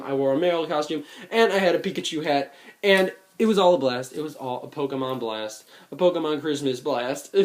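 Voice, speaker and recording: Earnest rambling teenage guy. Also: medium pitch. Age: late teens. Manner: earnest, rambling, with many fillers and restarts. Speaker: vlogger. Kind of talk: casual reflective vlog.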